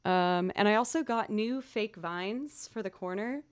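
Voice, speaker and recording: A woman's voice: fairly low pitch, moderate pace, few pauses, smooth, no room sound. A young woman chatting casually with viewers on her music livestream, upbeat and encouraging herself.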